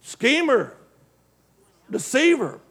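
A male preacher delivering an emphatic call-and-response sermon, swinging from loud exclamations to hushed asides. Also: very high-pitched, wildly swooping pitch, drawn-out words.

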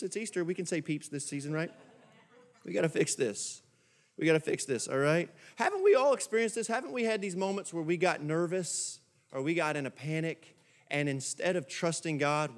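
High-voiced man preaching a sermon. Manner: conversational preaching, repeats phrases, asks the congregation questions. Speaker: pastor. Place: church.

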